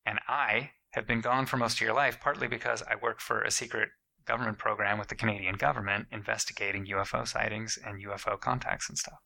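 A man tells a strange story in an easy, casual way, cursing freely. His voice is gravelly with a very bright, sharp edge. He keeps jumping into high, loud voices to act out the people in the story. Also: fast, hardly any pauses, poor audio. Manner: profane, animated, acts out quotes in jumped-up voices. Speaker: podcast co-host telling a story.

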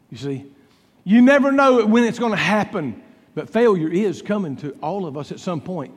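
A man preaching a sermon, telling a Bible story dramatically and acting out its dialogue with swings between loud and soft. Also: sits high, lively intonation, normal speed, breathy edge, big-room sound. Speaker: pastor.

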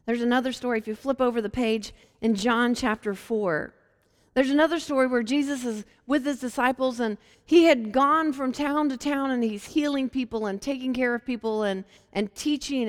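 A woman from Virginia teaching a Bible passage in a casual, animated way, acting out the quotes in lively voices. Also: fairly high pitch, normal speed, long reverb tail. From Hampton, Virginia.

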